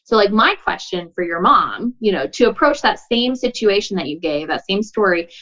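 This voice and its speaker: A woman talks through advice in an earnest, chatty way, with plenty of likes and you knows. She slips into quick acted-out snippets of dialogue. The recording sounds a little dull and lo-fi. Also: mid-range voice, expressive, fairly bright tone. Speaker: podcast guest, boundaries coach. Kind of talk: casual conversational advice.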